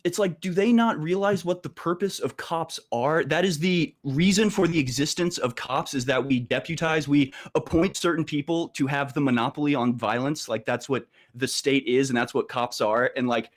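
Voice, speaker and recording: A man talking as a guest on a casual political talk show, halting and restarting often. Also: a little high. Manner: halting, many restarts and fillers.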